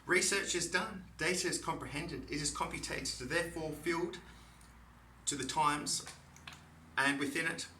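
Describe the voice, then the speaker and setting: A man's voice: fairly high pitch, normal speed, pushed and bright, recorded from a distance, a little hiss or hum. An Australian man talking in a disjointed, repetitive stream of consciousness, recorded in an echoey room. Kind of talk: rambling solo monologue to camera.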